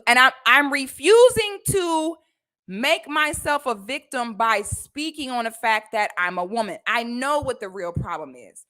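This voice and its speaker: A woman's voice: on the high side, measured pace. A woman vlogger telling a personal story in casual slang, acting out what people said. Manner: animated, slangy, acts out quotes.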